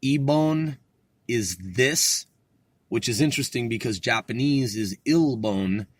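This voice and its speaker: Slow, cursing man thinking aloud. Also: medium pitch, dry recording. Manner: profane, thinking aloud, halting; slow, spelling out words. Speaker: language learner reviewing notes. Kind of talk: casual study vlog.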